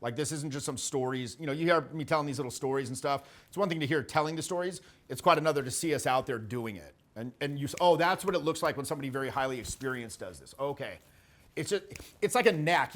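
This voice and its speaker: Animated man coaching social skills. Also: a little high. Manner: animated, swearing, acts out little quotes. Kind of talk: casual spoken teaching.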